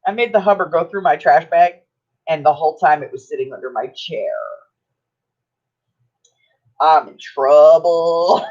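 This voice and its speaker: Crafting during a livestream, a middle-aged woman keeps up easy conversation full of teasing and frequent laughter. She speaks fairly quickly and with animation, in a deep, slightly mellow voice that has a breathy edge. Her sound comes through as dull, lo-fi stream audio.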